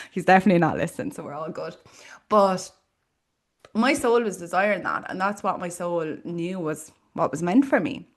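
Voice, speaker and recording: A woman's voice: on the low side, a little slow. A woman with an Irish accent hosting a podcast, talking earnestly and reflectively in a personal monologue with casual fillers. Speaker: podcast host.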